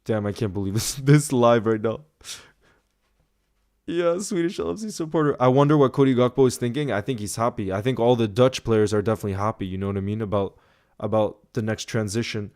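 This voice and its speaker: A young man hosting a football live stream, reading out viewer messages and giving excitable shout-outs. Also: mid-range voice, a little fast.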